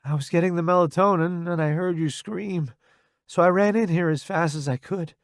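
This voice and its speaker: A man voicing a tender young woman who softly comforts her partner, in an audiobook. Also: high-pitched, normal speed, dry recording, studio quality, pitched above the performer's own voice. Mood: soothing. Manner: soft, gentle. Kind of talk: audiobook character voice.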